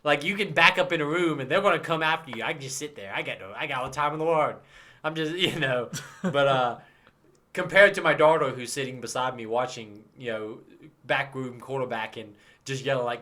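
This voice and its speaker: Thirties male podcast co-host, bright and punchy, swears freely, laughs through his stories. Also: medium pitch, a little fast. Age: 30s. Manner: animated, swearing, laughing storyteller. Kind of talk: casual chat.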